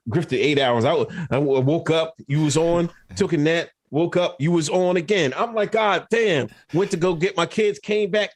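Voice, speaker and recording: Man, comedic podcast co-host, teasing and rambling, slightly high voice. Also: a little mellow. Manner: teasing, laughing often, rambling with restarts. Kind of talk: comedic casual chat.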